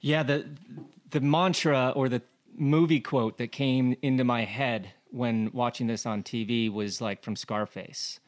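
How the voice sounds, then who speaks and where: Male podcast co-host, mid-range voice, animated casual race analysis. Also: mid-range voice, measured pace. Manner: animated, rhetorical questions, many fillers.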